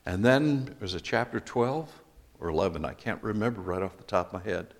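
A middle-aged man preaching a sermon as pastor, slow and emphatic, bursting into loud quotations now and then. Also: on the low side, expressive, big-room sound.

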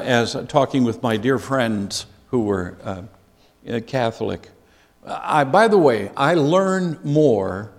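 A man leading a Bible study lesson, earnest and given to repeating key phrases for emphasis. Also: medium pitch. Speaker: Bible teacher. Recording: long reverb of a large hall.

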